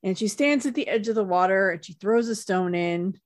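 A woman's voice: medium pitch, fairly quick, no room sound, studio quality. A woman co-hosting a podcast, casually retelling a TV episode and often laughing. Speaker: podcast co-host recapping a TV episode. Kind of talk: casual chat.

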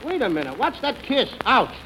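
High-voiced wisecracking radio comic. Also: male voice, sing-song, normal speed, sharp tone. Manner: wisecracking, cheeky, whiny comic. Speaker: comedian, co-host. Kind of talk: 1940s radio comedy. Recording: noisy old radio broadcast.

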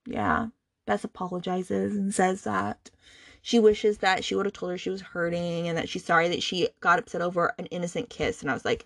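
A woman with a fairly low voice talks through a book plot, casual and chatty. She peppers it with fillers and blunt, indignant asides. The sound is dry, with no room echo. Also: steady tone, moderate pace, gravelly. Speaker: book podcast host.

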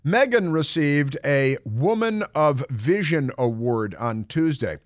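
A man's voice: a little high, animated, takes it slowly, dry recording, clean studio sound. A man hosting a talk radio show, telling rambling stories in a wry, sarcastic way. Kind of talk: casual talk radio monologue.

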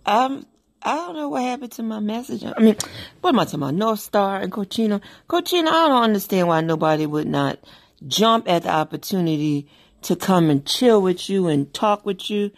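A woman calls in to a comedy podcast with a recorded voice message. She is playful and teasing and repeats words for emphasis. Her voice sits at an ordinary pitch for a woman. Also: animated, moderate pace. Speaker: caller.

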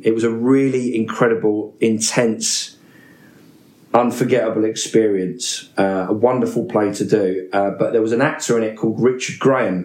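Forties actor, anecdotal podcast guest, roomy sound. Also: male voice, on the low side. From England. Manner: animated storyteller, name-dropping with laughter.

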